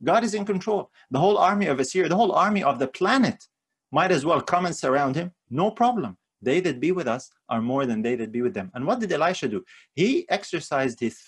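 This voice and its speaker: A man's voice: a little high, husky. A man preaching a sermon in an earnest manner, lifting his voice on key phrases and often repeating words.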